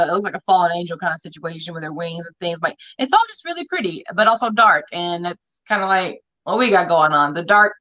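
A woman with a Southern accent, co-hosting a radio show in casual, fast chat and laughing often. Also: medium pitch, pushed and bright, highs cut off.

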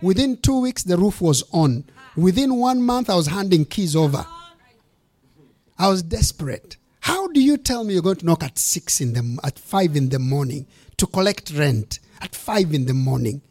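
A man's voice: sits high, sing-song, normal speed, a little mellow. A man, a bishop, preaching a sermon, telling a story with emphatic, punchy repetition.

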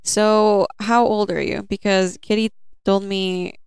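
Woman podcast host, mid pitch, clean dry sound, upbeat and encouraging. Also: flat delivery, slow pace, vocal fry, darkish tone, clean tone, no room sound. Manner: friendly, encouraging, laughs easily. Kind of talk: casual interview.

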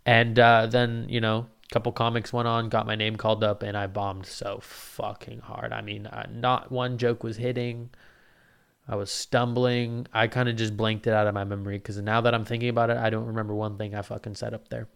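A man with a gravelly, fry-edged voice that still sounds smooth and resonant, rambling through a casual podcast monologue. He talks in an excitable, profane way, piling on restarts and asides as he tells his story. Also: on the low side, a little fast. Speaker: podcast host and open-mic comedian.

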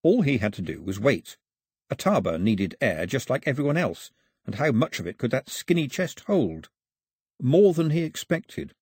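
A man narrating an audiobook with expressive storytelling. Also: mid-range voice, moderate pace, husky, no echo, clean studio sound.

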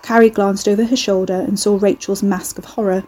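A woman narrating a storybook in a steady, dry way. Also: medium pitch, a little fast, breathy edge. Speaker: audiobook narrator.

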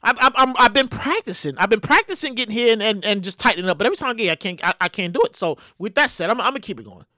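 Woman, comedic show host, swooping pitch, crisp bright tone, profane and animated. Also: rapid-fire, hardly any pauses, dry recording, studio quality. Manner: animated, profane, repeats words. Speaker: podcast host. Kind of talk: comedic news commentary.

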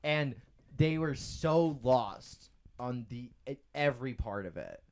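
Laughing man, lively pitch. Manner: joking, laughs often, quick interjections. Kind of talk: casual chat among friends.

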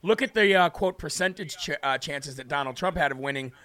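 A man hosting a call-in show, chatting casually and warmly with callers and signing off with blessings. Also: fairly high pitch, brisk. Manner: folksy, affectionate, religious sign-offs. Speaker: show host taking callers.

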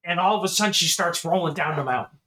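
A middle-aged man spins a rambling story for his co-hosts, his voice bright and sitting a little high for a man. He swears freely and laughs his way through the telling in an easy, casual chat. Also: fast talker. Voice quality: animated, swearing, laughs while telling stories. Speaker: podcast co-host.

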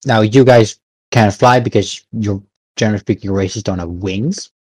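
A man running a tabletop game as game master, patiently explaining the rules with many pauses and fillers. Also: fairly low pitch, darkish tone, breathy edge, no room sound.

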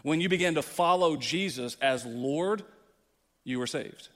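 A male pastor preaching a sermon with passion, dropping low and then rising loud. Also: unhurried. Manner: impassioned preaching, swings from quiet to loud. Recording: long hall reverb.

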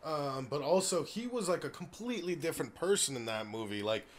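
A man's voice: a little high, expressive, a little fast. A man in a casual group chat, eager and curious, who asks lots of questions and laughs easily.

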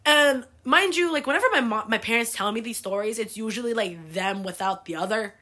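Fairly high and sharp-toned, this young American woman talks briskly on her podcast about her family. The telling is loose and chatty, full of "like" and casual cursing.

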